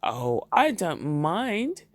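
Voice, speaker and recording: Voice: mid-range voice, expressive, moderate pace, no echo, clean studio sound. A reader voicing a cheerful, pious wife who talks sweetly and patronizingly about her husband, in a storybook reading. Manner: bright, sweetly chiding.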